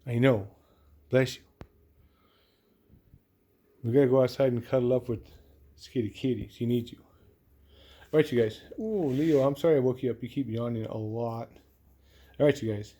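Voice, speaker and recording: A man filming a home vlog, talking softly and fondly to his cats in baby talk, sometimes whispering, in his living room. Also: medium pitch, normal speed, long pauses. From US Pacific Northwest. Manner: soft baby talk to pets, drops to whispers. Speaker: cat channel host.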